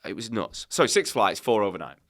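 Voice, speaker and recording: Animated man, bright forceful voice. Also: lowish voice, fairly quick. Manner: animated, candid, swears freely. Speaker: podcast guest, company founder. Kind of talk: casual conversational storytelling.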